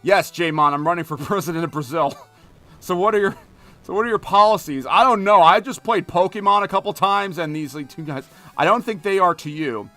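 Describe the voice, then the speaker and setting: A young man from Philadelphia chats loosely with his stream audience in a bright, crisp, clear voice, full of "um"s and restarts. Soft game music plays faintly underneath. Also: high voice, fairly quick, dry recording. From Philadelphia area, United States. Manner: chatty, rambling, many fillers and restarts. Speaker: gaming streamer. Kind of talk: casual live-stream chat while playing.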